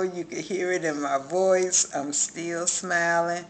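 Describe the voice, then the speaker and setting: A woman's voice: on the low side, fairly even intonation, slow pace, hardly any pauses, a little hiss or hum. A woman giving a spoken religious testimony and prayer on a phone, fervent and repeating words of praise. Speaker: believer sharing a testimony.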